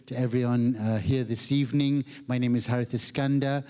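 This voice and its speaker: A man's voice: mid-range voice, fairly even intonation, mellow, smooth. Malaysian man doing stand-up in a reverberant hall. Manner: self-mocking, mimics voices, quick asides. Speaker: comedian, guest performer. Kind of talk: stand-up comedy storytelling. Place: large hall on stage.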